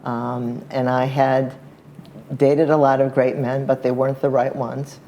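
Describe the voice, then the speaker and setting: A woman in her sixties recalling her marriage in casual chat, earnest and quick to laugh. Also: extremely low pitch, little pitch movement, warm tone, poor audio.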